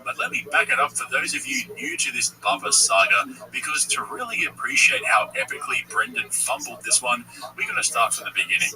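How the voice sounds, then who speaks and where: A man's voice: mid-range voice, wildly swooping pitch, brisk, far from the mic, music in the background, low-quality recording. A man narrating a scripted commentary video in a sarcastic, mocking tone, with careful legal disclaimers. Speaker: commentary channel host.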